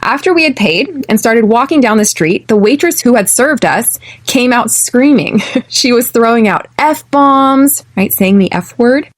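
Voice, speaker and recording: A young American woman from California, hosting an English lesson podcast and speaking clearly and deliberately, slowing down for drills. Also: on the high side, lively intonation. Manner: clear, deliberate, slows for repeat-after-me drills. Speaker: podcast host, English teacher.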